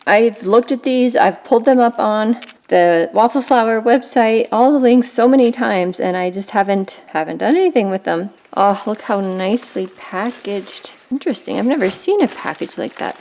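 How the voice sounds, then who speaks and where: A woman hosting a casual unboxing vlog, gushing over gifts with constant excited exclamations. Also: medium pitch, normal speed, creaky, few pauses. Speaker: art channel host.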